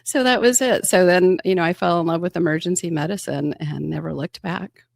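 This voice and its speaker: A woman in her fifties talks as an interview guest with a low, gravelly voice. She tells her stories animatedly, acting out the quoted dialogue and laughing often. The sound is dry, with no room echo. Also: brisk. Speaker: emergency room physician guest. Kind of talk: casual storytelling interview.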